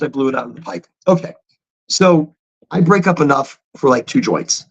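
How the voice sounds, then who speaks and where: Animated rambling man on a lo-fi stream. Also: on the high side, moderate pace, gravelly. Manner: animated, rambling, chatty asides. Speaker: livestream host. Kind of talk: casual livestream chat. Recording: dull lo-fi stream audio.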